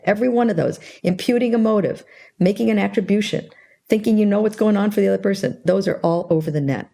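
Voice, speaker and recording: A woman's voice: mid-range voice, creaky. An older woman explaining a communication model in an interview, telling stories and acting out the dialogue in them. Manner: animated storyteller, acts out quoted dialogue. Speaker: guest expert on interpersonal skills.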